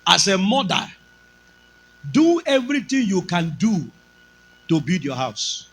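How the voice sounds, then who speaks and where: Nigerian-accented male pastor, emphatic sermon delivery, high lively voice. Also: unhurried, breathy edge, rough recording. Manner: emphatic preaching, slipping into Pidgin.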